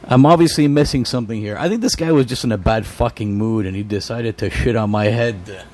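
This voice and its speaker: A man's voice: lowish voice, fairly quick, darkish tone. A man hosting a podcast, ranting in an exasperated, profane way and laughing now and then. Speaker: podcast host. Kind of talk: solo comedic rant.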